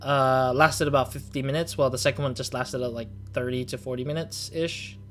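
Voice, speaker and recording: A man's voice: mid-range voice, fairly quick, faint music behind. Casual rambling gaming host, man. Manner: relaxed, rambling with fillers and restarts. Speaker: channel host.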